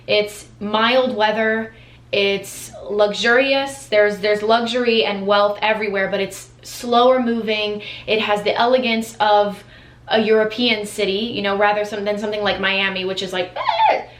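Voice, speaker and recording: This woman from the United States vlogs to camera with casual enthusiasm, her medium-pitched, fairly bright voice keeping a fairly even intonation at normal speed. Fillers and restarts come up a lot. The space around her echoes.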